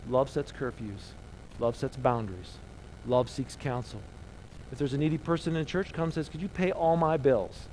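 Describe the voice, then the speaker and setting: A man's voice: on the high side, slight background noise, low-quality recording. Dynamic middle-aged male preacher. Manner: dynamic preaching, swings between loud emphasis and soft near-whispers. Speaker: pastor. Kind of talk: sermon.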